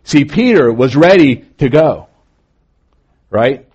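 A male pastor preaching a morning sermon, moving between emphatic lines and quieter, drawn-out phrases. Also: mid-range voice, lively intonation, lo-fi sound.

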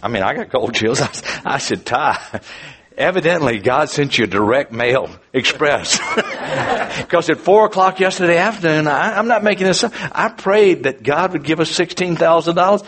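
Man preaching a sermon with earnest testimony; husky tone, very expressive pitch. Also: normal speed. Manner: earnest, animated storytelling with frequent restarts.

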